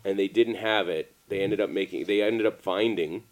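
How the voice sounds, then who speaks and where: Male podcast co-host, low voice, joking and teasing in casual chat. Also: moderate pace. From Canada.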